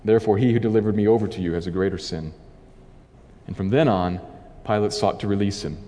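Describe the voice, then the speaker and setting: A man preacher reading a scripture passage aloud and then explaining it as a sermon, in a measured, dramatic voice. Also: lowish voice, mellow, long reverb tail.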